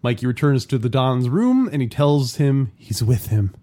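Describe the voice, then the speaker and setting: A man's voice: mid-range voice, big pitch swings, normal speed, mellow. A man co-hosting a casual podcast chat. He rambles, uses many fillers and giggles often. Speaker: podcast co-host.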